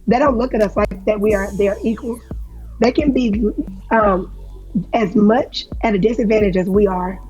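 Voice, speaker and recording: A woman co-host making measured, thoughtful points in a casual talk show discussion. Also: mid-range voice, a little mellow, faint music behind, rough recording.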